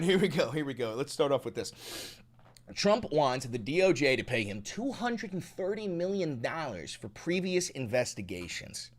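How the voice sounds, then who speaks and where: A man's voice: fairly high pitch, big pitch swings, moderate pace. A man hosting his own political commentary show, ranting in a profane, sarcastic and mocking way.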